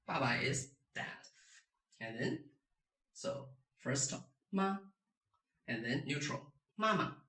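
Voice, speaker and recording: A man's voice: mid-range voice, recorded from a distance. A man, a teacher, giving a beginner pronunciation lesson and acting out each tone with exaggerated sounds. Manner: animated, demonstrates tones with sung and exaggerated sounds. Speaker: Mandarin teacher. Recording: roomy, a bit off-mic.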